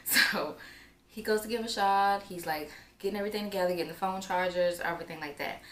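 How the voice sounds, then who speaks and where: A young woman vlogger tells a personal story in a casual, chatty manner packed with filler words. Her voice is medium-pitched and a little fast, and the recording has a roomy echo with faint background noise.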